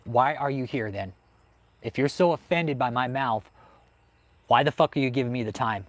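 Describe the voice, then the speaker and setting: At normal speed and medium pitch, a man hosting a livestream on cults works through his chat. His delivery is a heated rant laced with constant swearing.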